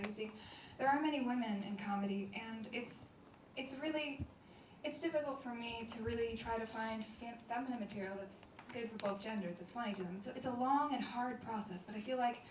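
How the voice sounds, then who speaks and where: A young woman doing a stand-up set with a dry, deadpan delivery. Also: on the high side, fast. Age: young adult. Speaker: student stand-up comedian. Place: large theater on stage. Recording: echoey hall, distant mic, crowd noise. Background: audience laughter.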